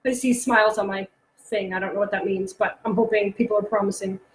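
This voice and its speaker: A woman in her thirties presenting alone to parents, chatty and animated, acting out her son's jokes as she goes. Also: medium pitch, fairly quick, reverberant, low-quality recording. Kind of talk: solo online talk to parents. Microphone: close mic, alone presenting online.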